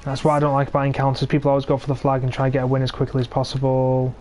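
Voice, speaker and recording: Talking very fast in a monotone, a twenty-something Englishman provides live commentary while streaming a tank game, sarcastically complaining about his teammates. His cheap gaming mic captures a medium-pitched, darkish voice with a little hiss or hum.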